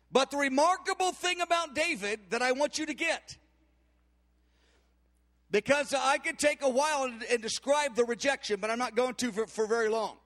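A man preaching a sermon, retelling a Bible story in an animated way and acting out the characters' voices. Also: very high-pitched. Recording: long hall reverb.

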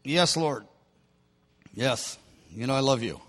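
Brief: a preacher doing remorseful disciple Peter, halting and pleading, high lively voice, big reverberant hall. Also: male voice, heavily acted. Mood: mumbling ashamed. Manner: halting, pleading, mumbling at times. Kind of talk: sermon storytelling.

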